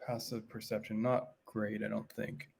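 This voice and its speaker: A man with a somewhat low voice talks through his moves in a tabletop game. He speaks in a hesitant, thoughtful way, heard over a video call. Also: little pitch movement, normal speed, gravelly, darkish tone, husky. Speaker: player. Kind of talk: casual tabletop game talk.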